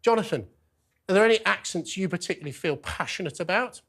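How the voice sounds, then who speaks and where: A man's voice: high-pitched, lively intonation, fast, a bit bright, breathy edge. A middle-aged man with a Lancashire accent, hosting a TV debate show with playful, theatrical outrage. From Lancashire, England. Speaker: host.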